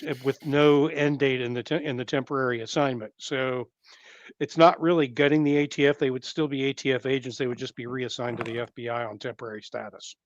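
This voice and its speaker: A man's voice: mid-range voice, fairly even intonation, brisk, lo-fi sound. A man on a casual political podcast, firmly setting the record straight point by point. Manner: firm, corrects claims point by point. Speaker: podcast co-host.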